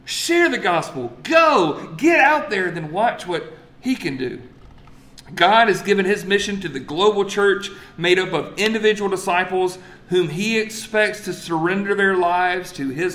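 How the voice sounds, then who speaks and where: A man preaching a sermon, telling stories with lively energy and dropping to quiet emphasis. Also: high-pitched, echoey room. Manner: animated storytelling, swings from loud excitement to quiet emphasis. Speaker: pastor. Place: church sanctuary.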